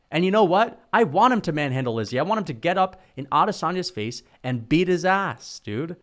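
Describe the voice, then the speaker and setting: Man, young adult, fired-up solo commentary, slangy and profane, slightly high voice. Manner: heated, slangy, swears, says bro and dude. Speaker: MMA commentary youtuber.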